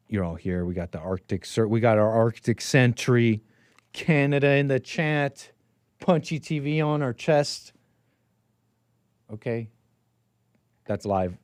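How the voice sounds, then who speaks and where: Male call-in host, mid pitch, rambling teasing delivery, dry room. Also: no room sound. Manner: rambling, teasing, swings between loud bursts and mumbles. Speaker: host of a call-in livestream show. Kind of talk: casual solo livestream talk to chat.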